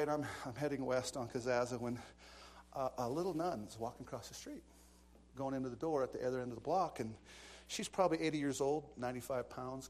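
A man's voice: medium pitch, a little mellow. A man preaching a sermon, telling stories with dramatic asides and bursts of laughter. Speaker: pastor. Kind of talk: storytelling sermon.

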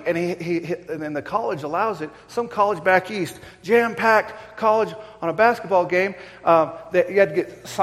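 A man's voice: high voice, in a large hall. A man preaching a sermon, telling stories with animation and repeating points for emphasis. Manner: animated storytelling, emphatic repetition. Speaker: pastor.

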